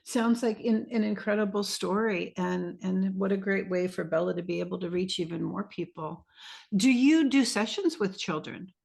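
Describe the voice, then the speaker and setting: A woman's voice: mid-range voice, moderate pace, vocal fry, a little mellow. A woman hosting an interview podcast, asking thoughtful, reflective questions with small restarts. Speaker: podcast host. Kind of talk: casual interview conversation.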